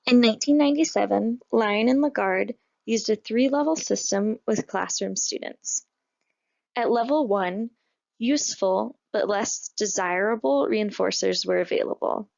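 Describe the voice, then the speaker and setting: A woman narrates course material in a measured, explanatory manner. Her voice has a gravelly, fry-laden edge, and the recording sounds dull and lo-fi. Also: mid-range voice, darkish tone. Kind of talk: scripted narration. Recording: dull, lo-fi voice-over.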